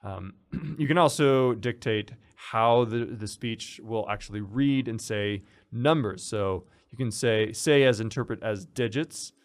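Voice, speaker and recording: A man casually walking through a software tutorial, explaining as he goes with fillers and restarts. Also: on the low side, a little slow, hardly any pauses. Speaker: instructor. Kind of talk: screen-recorded software tutorial.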